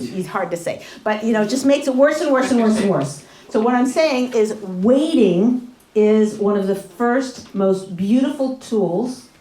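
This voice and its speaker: Woman running a workshop, chatty and animated, acts out little fights, roomy echo. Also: mid-range voice. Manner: chatty, animated, laughs often, acts out quarrels. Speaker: relationship workshop speaker. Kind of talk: live workshop talk to an audience. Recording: echoey room with audience.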